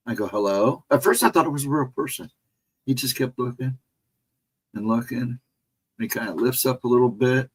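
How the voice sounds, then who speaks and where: A man with a husky, slightly rough voice tells a ghost story in casual, rambling fashion. His pitch sits in the ordinary middle range. He acts out the lines of the people in his story. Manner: rambling, animated, laughs often, mimics voices in dialogue. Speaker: guest telling a ghost story.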